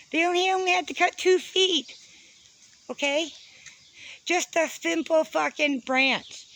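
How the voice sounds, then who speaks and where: A woman's voice: high-pitched, fairly bright tone. A woman vlogging outdoors with a handheld phone, walking around and ranting in a fed-up way, swearing often. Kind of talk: walking tour vlog, complaining. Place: outdoors around a house with birds. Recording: noisy outdoor phone recording.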